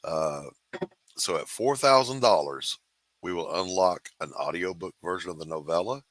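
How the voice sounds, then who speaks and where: A man hosting a casual show, pitching crowdfunding tiers in an upbeat, matter-of-fact way. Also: moderate pace, fairly bright tone, no echo. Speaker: host.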